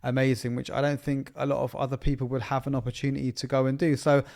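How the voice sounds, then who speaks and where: Brief: dad co-host, thirties, gravelly voice, warm sentimental storyteller in a casual chat. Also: male voice, mid-range voice, level tone, quick pace. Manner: sentimental, laughs through stories. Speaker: podcast co-host.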